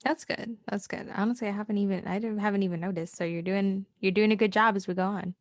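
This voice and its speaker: A young adult woman co-hosting a casual podcast, chiming in with playful jokes and quick affirmations. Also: medium pitch, fairly even intonation, no echo. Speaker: podcast co-host. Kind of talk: casual chat.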